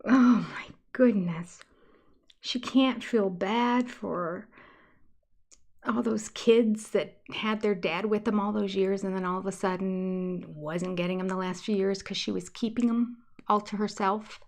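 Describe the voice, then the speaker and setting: An older woman chatting on a livestream, reviewing a reality show in a gossipy, exasperated tone. She drops into soft, mocking whispers now and then. Her voice sits at an ordinary middle pitch. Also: steady tone, measured pace. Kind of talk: casual livestream commentary.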